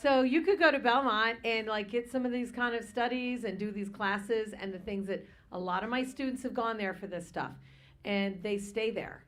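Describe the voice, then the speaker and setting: A woman's voice: fairly high pitch, normal speed. A woman voice teacher judging a singer, explaining technique in an instructive, practical way. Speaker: vocal teacher and judge. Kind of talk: spoken critique.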